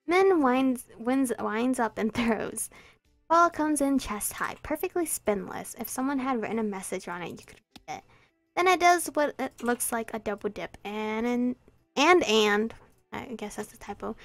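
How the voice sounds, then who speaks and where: Lively young woman reading a game aloud. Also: a little high, creaky, no echo. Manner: animated, giggly, playful reading with sudden loud outbursts. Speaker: let's play streamer. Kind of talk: reading a visual novel aloud with voices.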